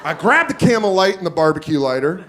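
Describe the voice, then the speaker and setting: A man's voice: high-pitched, sing-song, fast talker. A man in his forties telling a profane, self-deprecating story on a comedy club stage, acting out the voices of others. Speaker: stand-up comedian. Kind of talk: stand-up storytelling. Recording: loud crowd laughter and noise.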